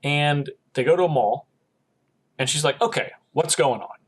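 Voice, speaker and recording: With a slightly high voice at normal speed and a bit of background noise, a podcast co-host casually narrates an episode's plot. He tells it with animation, acting out the characters' lines.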